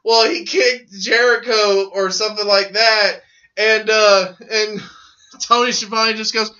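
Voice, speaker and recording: Excited podcast co-host, bright tone, slightly dull lo-fi sound, acts out quotes with laughter. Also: male voice, high voice, measured pace. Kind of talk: excited casual wrestling chat.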